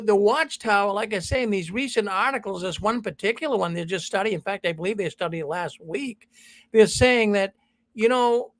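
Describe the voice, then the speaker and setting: A male host of a call-in talk show, answering in a measured, agreeable way while thinking aloud. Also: sits high, no echo.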